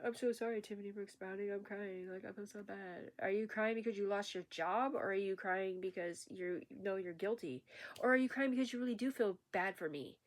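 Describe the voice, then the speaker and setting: A woman ranting in an unscripted vlog, rambling, profane and agitated. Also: medium pitch. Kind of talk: unscripted rant to camera.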